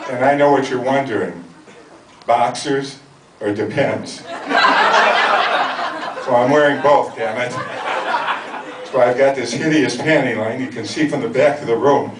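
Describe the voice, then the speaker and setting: A man's voice: mid-range voice, normal speed, long pauses, over a noisy crowd. An older man from the Chicago area doing a stand-up routine in a comedy club, delivering dry, self-mocking punchlines. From Chicago area, USA. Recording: echoey, distant, noisy club recording.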